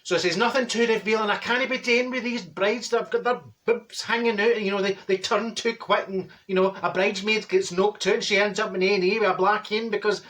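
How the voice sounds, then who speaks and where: A man's voice: sits high, fairly even intonation, a little fast, hardly any pauses, fairly bright tone. Brief: middle-aged Glaswegian woman, man in drag voice, straight-talking gossip, blunt comic monologue. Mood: gossipy. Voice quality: chatty, blunt, gossipy storytelling. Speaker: comedy character monologue.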